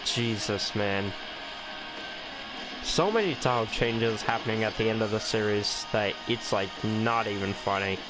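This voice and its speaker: A man giving casual commentary over a wrestling video game, excitable and full of gasps, with joking, sarcastic asides. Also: fairly low pitch, a little slow, rough recording. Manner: excitable, reacting with gasps and swearing. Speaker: gameplay commentator. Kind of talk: casual let's-play commentary.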